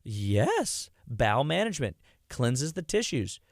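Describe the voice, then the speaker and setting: On a conversational radio health segment, a male clinician guest speaks in a sing-song, mid-range voice at a measured pace. He's energetic, calls his listeners "guys," restarts and repeats words often, and performs the voices of the people he quotes, all in a dry, studio-quality recording.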